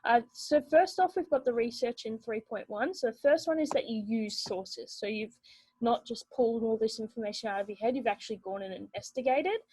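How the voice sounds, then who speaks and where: A young woman teacher walks students through a rubric, steady and explanatory, with plenty of ums. Her voice sits a little high and has a breathy, husky edge. It is recorded close and dry, with no room sound. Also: brisk, no room sound, low-quality recording. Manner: explanatory, steady, with many fillers.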